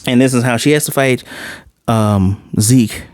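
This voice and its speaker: A man's voice: medium pitch, a little slow, a little mellow, no echo, studio quality. A man casually recapping and reviewing a TV episode, slangy and profane, acting out the characters' lines as he retells scenes. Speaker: TV series reviewer.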